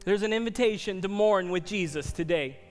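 In a large hall, a very high-voiced male pastor makes a pleading, earnest altar call at a moderate pace. Now and then he drops almost to a whisper, while quiet instrumental music plays faintly in the background.

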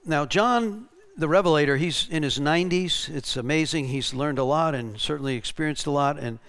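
A man preaching a storytelling sermon in an animated way, restarting and repeating words and rising to shouted bursts. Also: a little high, normal speed, smooth. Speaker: pastor.

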